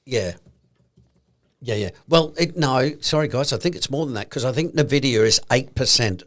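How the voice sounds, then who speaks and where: A man's voice: mid-range voice, expressive, normal speed, a bit bright. A man with an Australian accent co-hosting a casual podcast chat about investing, explaining his points by acting out made-up conversations. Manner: explains points through acted-out hypothetical conversations. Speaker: podcast co-host.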